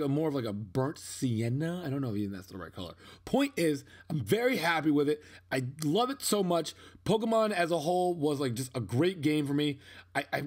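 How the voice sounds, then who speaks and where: A man's voice: fairly high pitch, breathy edge. Young male vlogger, casual voice-over, rambling and self-mocking, prone to sudden outbursts. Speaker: unboxing vlogger.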